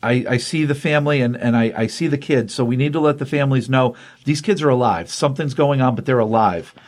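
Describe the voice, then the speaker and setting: A man's voice: mid-range voice, fast, a little mellow, lightly acted. A man voicing an earnest superhero who makes reassuring promises, with a few stammered restarts, in a casual comic-book recap.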